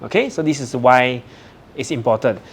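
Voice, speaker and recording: Dude hosting a podcast, keeps saying okay, asks the guest stuff, regular pitch. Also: male voice, lively intonation, normal speed, slightly rough. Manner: asks questions with frequent "okay" fillers. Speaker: podcast host. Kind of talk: interview questions.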